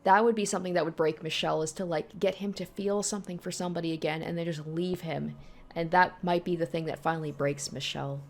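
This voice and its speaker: A woman's voice: on the low side, steady tone, fast talker. A woman casually reacting and thinking aloud while she plays through a story game, chatty and easily surprised. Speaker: let's play host.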